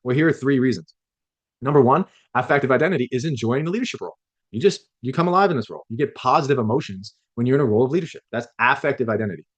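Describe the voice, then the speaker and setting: Fast-talking man giving a classroom lecture. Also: medium pitch, lively intonation, dull audio. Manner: conversational, with frequent restarts and acted-out quotes. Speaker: leadership lecturer.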